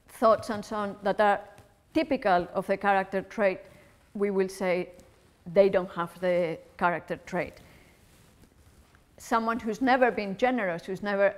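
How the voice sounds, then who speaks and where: Woman, Spanish accent, academic lecture, careful explanatory delivery, lecture hall, middle pitch. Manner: careful, explanatory, thinking aloud. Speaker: philosophy lecturer.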